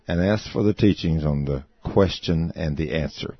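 A man's voice: a bass voice, slightly rough, dry recording. A man closing a ministry radio program with contact details. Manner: slow, plain announcing. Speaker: ministry host. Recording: dry, dull radio sound.

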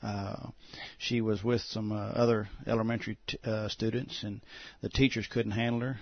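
A pastor telling a testimony as a guest on a talk show, halting and full of "uh" fillers. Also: male voice, lowish voice, little pitch movement, vocal fry, no echo. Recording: dull, muffled sound.

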